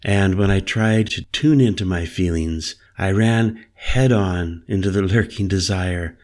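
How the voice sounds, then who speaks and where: Male audiobook narrator, very low voice, unhurried first-person storytelling. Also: darkish tone. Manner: measured, introspective.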